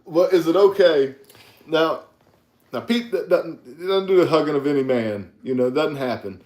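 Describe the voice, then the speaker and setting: A man's voice: fairly high pitch, moderate pace, darkish tone. A man co-hosting a podcast, teasing his partner and laughing often in casual chat. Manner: teasing, giggly, talks to viewers as "y'all". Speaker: podcast co-host. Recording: echoey room.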